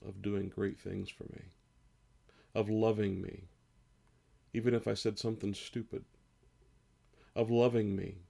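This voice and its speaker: A man in his fifties, a pastor, speaking earnestly and slowly in a devotional sermon and reading scripture aloud. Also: lowish voice, darkish tone. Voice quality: gravelly, husky. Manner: slow, earnest, rises on emotional lines.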